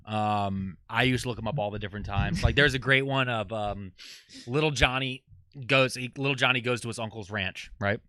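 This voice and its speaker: A man in casual podcast chat, retelling sketches and jokes in an animated, rambling way. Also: on the low side, moderate pace, clean tone, no room sound. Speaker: podcast talker.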